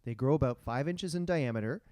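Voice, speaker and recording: A man's voice: mid-range voice, quick pace, dark tone, no echo, studio quality. A man co-hosting a casual comedy podcast, presenting the topic in a playful, joking way. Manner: playful, jokey, breaks into silly sung bits.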